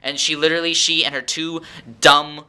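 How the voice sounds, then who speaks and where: A man's voice: on the high side, level tone, moderate pace, pushed and bright, clean tone. A teenage boy ranting in a sarcastic, exasperated vlog monologue at home. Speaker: vlogger.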